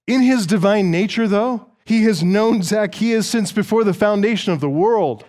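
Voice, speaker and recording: Guy preaching a verse-by-verse sermon, a bit high-pitched, earnest and emphatic with dry little asides. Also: normal speed, darkish tone. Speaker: pastor. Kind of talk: expository sermon.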